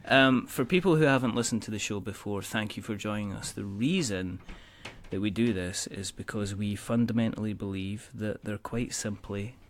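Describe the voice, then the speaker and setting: Joking podcast host. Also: male voice, on the low side, moderate pace, a little hiss or hum. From Scotland. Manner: jokey, rambling, puts on silly voices. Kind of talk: casual chat.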